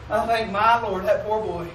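A man preaching a sermon to his congregation, calling for "Amen" responses and drawing out mock commandments in a slow solemn tone. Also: sits high, noisy background. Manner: drawls mock King James commandments slowly. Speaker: pastor. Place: church sanctuary. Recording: echoey church from a distance.

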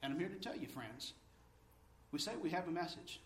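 A man preaching a sermon, telling stories with lively energy that climbs high and loud when excited. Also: brisk, distant mic, slight background noise. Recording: echoey room, from off mic.

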